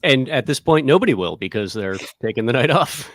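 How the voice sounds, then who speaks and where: A man teasing his co-hosts in a casual chat, mostly with brief replies, over a video call. His pitch is middling and the sound is dry and close-miked. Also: big pitch swings, a little fast, no room sound. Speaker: podcast co-host.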